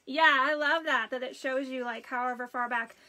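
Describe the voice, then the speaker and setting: A woman's voice: high-pitched, normal speed, rough recording. A woman hosting a craft live stream, chatting casually and telling stories to viewers while she works. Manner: chatty, animated storytelling, greets viewers while working.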